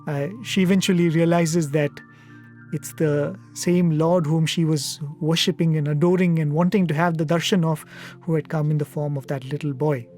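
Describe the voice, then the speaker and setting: A man speaking at a satsang, telling a devotional story in an earnest, reflective way with pauses and fillers, recorded in a studio. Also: fairly high pitch, fairly even intonation, a little mellow, faint music behind. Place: media centre studio.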